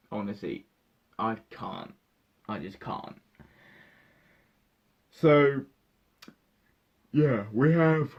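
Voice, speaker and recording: Excitable young man with a gravelly voice. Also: fairly low pitch, dull audio. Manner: excitable, swearing, reenacting his own reactions. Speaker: vlogger reviewing a film. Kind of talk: excited casual spoiler talk.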